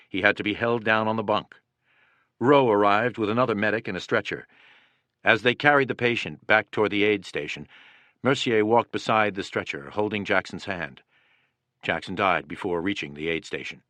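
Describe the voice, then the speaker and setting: A man narrating a war history audiobook in a steady, dramatic reading. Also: fairly low pitch, normal speed, no room sound. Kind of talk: scripted narration.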